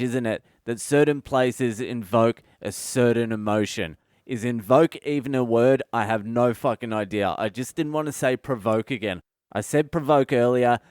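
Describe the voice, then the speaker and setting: Comic, sweary sardonic monologue, smooth voice, dry close mic. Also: male voice, medium pitch, a little mellow, no room sound. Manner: profane, ranting, sardonic. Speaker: comedian podcast host. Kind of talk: solo comedic monologue.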